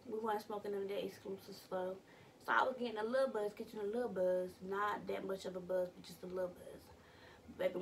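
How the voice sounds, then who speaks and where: A young woman vlogging from her bedroom, telling a story in an animated, slangy way with some cussing. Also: mid-range voice, creaky, distant mic, a little hiss or hum. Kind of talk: casual storytime vlog.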